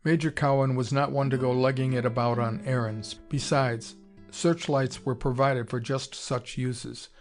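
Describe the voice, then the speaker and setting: A man reading an audiobook in a steady, measured storytelling voice. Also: medium pitch, soft background music. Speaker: audiobook narrator. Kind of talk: scripted narration.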